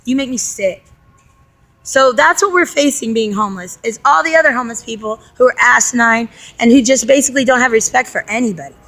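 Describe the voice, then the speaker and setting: High-voiced exasperated woman vlogger. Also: fast talker, hardly any pauses. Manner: exasperated, animated storytelling. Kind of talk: casual vlog monologue.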